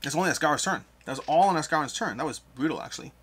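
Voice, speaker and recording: Man with a bright, crisp voice, hosting a board game playthrough, talks through the rules as he plays. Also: a little high, lively intonation, racing. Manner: explanatory, thinking aloud over rules and moves. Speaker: board game player and host.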